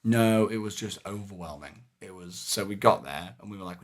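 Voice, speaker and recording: A man co-hosting a podcast, retelling a live-action game weekend in casual chat, full of fillers and animated asides. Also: low-pitched, moderate pace. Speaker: podcast co-host.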